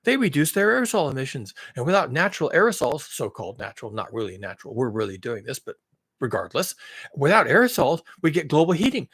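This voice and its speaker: A man giving sarcastic spoken commentary, swinging from mock-alarmed outbursts to low muttered asides and correcting himself as he rambles. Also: big pitch swings, quick pace, fairly bright tone, slightly rough. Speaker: climate commentary channel host.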